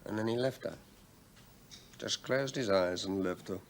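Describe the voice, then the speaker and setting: An actor playing a stubborn middle-aged male research professor who talks in halting, rambling, defensive bursts. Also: fairly low pitch. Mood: brooding. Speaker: research scientist. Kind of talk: 1980s television drama.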